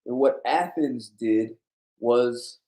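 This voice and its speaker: A man's voice: mid-range voice, slow, warm tone. A man hosting a blunt, emphatic monologue in a casual, lecturing way. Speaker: host. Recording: roomy echo.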